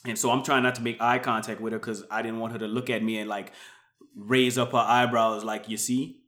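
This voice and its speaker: A man hosting a podcast, telling a story casually, swinging from muttered asides to loud, animated bursts. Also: on the low side, a little fast. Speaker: podcast host.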